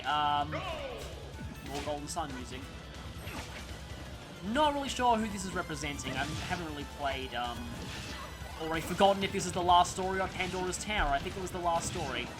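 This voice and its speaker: Lively, rambling let's-play commentator. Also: mid-range voice. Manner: rambling, chatty, with gaming trivia digressions. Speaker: gameplay commentator. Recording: game music playing under voice. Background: game music.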